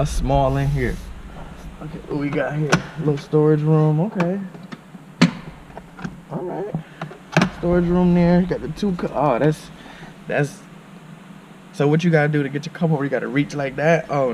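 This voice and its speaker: A man doing a casual car walkaround for his vlog, excitable and slangy, talking straight to viewers. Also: medium pitch. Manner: loose, slangy, excitable, talks to viewers as y'all. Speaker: car vlogger. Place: indoor car dealership showroom. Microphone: handheld camera with small on-camera mic.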